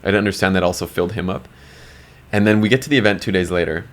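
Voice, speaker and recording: A young man with a very low voice, a podcast guest spinning a long casual story. He swears freely, fills in with "like" and "you know", and acts out what others said. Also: very fast. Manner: blunt, swears freely, lots of fillers. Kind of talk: casual storytelling with acted-out quotes.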